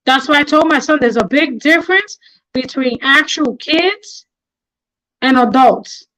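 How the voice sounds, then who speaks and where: A woman's voice: high voice, measured pace, a bit bright, poor audio. A middle-aged woman hosting a livestream, talking with anger and passion and repeating herself for emphasis. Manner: impassioned, repetitive, angry. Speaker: livestream host. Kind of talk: emotional livestream talk.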